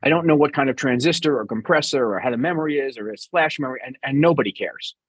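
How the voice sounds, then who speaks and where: A man's voice: medium pitch, fast, breathy edge, no room sound. A middle-aged man with a New York accent, answering interview questions bluntly and sarcastically as a business guest.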